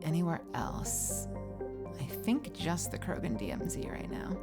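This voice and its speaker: A woman streamer chatting playfully through live gameplay commentary, with bursts of squealing and yelling. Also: deep voice, sing-song, unhurried, gravelly, music in the background.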